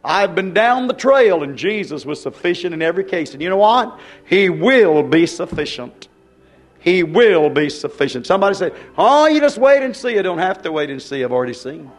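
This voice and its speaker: A man's voice: a little high, expressive, moderate pace. An older man, preaching a fervent, exhorting sermon.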